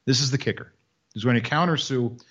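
A man's voice: medium pitch, a little fast, a bit bright, lo-fi sound. A man co-hosting a casual podcast, telling a news story with mocking sarcasm. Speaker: podcast co-host. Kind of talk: casual chat.

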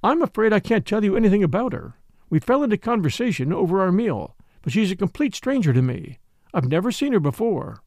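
A man's voice: high-pitched, sing-song, fairly quick, darkish tone, dry recording, studio quality, voice pushed up. A man voicing a cool, reserved young Englishwoman. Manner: cool, clipped and polite. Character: young British woman, composed and reserved.

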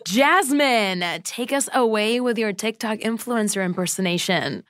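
A woman's voice: fairly high pitch, measured pace, a bit bright. A woman hosting a comedy dating game, enthusiastic and laughing often. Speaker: host.

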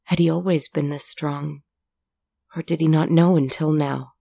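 A woman narrating a dramatic story in a measured, dramatic reading. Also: low voice, fairly even intonation, creaky, mellow, no room sound.

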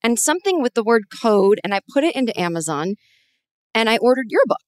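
A woman in her forties hosting a podcast, telling a long personal story in a rambling, animated way with many restarts. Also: on the high side, a little fast, dry recording, studio quality. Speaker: podcast host. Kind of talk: conversational interview.

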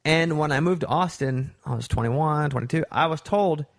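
A man in his forties from Arkansas with a Southern accent, hosting a casual studio chat and reading an ad, telling stories in a relaxed, drawn-out way. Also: fairly high pitch. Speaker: radio show host.

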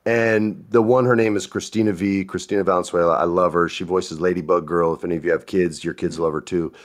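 A podcast host with a low-pitched voice talks briskly, telling stories in a casual conversation. He stays animated throughout, acting out the voices of people he quotes.

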